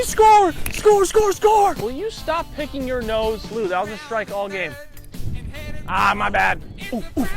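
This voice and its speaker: A man playing a bossy baseball dad, high-pitched, yelling heckles, comedy sketch, music underneath. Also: full character voice. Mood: cheering. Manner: yelling, bossy, rapid-fire sideline heckling. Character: loud overbearing male baseball dad heckling from the stands. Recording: background music under the clip.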